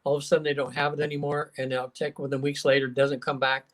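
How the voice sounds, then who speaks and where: A man, a hypnotherapist and guest, telling stories in a casual, animated way, acting out quotes with plenty of fillers. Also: medium pitch, fast. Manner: animated storyteller, acts out quotes, many fillers. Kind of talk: casual storytelling interview.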